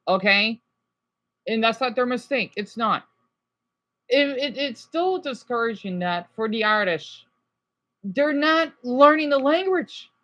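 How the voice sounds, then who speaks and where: A man's voice: very high voice, animated, a little slow, pauses often, pushed and bright, rough recording. A man chatting casually on a livestream from home, rambling between topics and swearing now and then.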